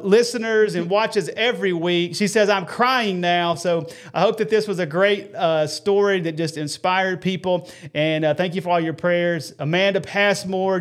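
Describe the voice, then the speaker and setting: High-voiced man hosting a faith stream. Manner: earnest and encouraging, greets viewers by name. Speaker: host of a Christian web show. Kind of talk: casual faith talk and viewer shout-outs.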